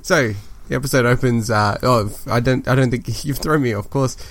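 A man's voice: medium pitch, normal speed, a bit bright. A man hosting a podcast in casual chat, joking and giggling often. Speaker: podcast host.

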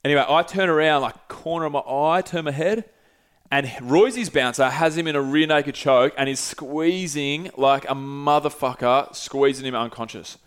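A young man casually telling a long travel story, animated and swearing freely. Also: a little high, normal speed, clear, resonant tone. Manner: animated, swears freely, acts out quoted voices. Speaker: podcast host.

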